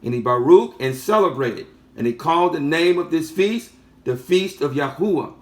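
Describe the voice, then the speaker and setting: A man's voice: fairly high pitch, expressive, normal speed. A man giving a sermon teaching, reading out passages and repeating phrases for emphasis with rhetorical questions. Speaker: preacher.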